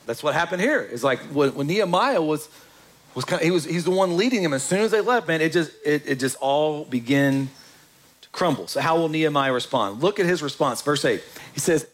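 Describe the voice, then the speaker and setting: Pastor guy preaching, jokey and lively, kinda high voice. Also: a little fast. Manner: lively, joking with the congregation. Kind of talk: sermon.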